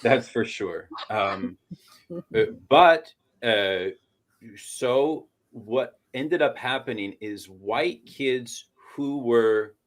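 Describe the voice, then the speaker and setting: A man from Portland, Oregon, talking through ideas in a halting, academic way on a podcast, restarting his phrases. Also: mid-range voice. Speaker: podcast panelist. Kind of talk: casual academic discussion.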